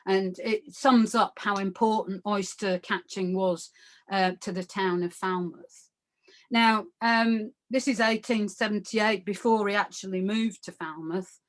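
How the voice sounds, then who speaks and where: A woman's voice: mid-range voice, fairly even intonation, unhurried. A woman giving an art history lecture in a conversational way, full of fillers and asides, often checking in with her listeners. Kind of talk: illustrated lecture.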